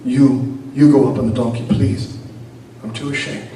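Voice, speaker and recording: A man's voice: mid-range voice, little pitch movement, moderate pace, lightly acted. A man voicing a tearful little boy pleading with his father. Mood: ashamed. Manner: quiet, pleading. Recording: very echoey room, distant mic, noisy.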